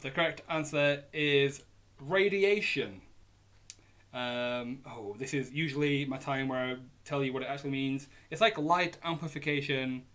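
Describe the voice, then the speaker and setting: A man's voice: on the high side, fairly bright tone. Chatty Yorkshire man hosting a quiz. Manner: chatty, jokey, reads options slowly. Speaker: quiz host. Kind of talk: live online pub quiz hosting. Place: indoors at home on a hot day.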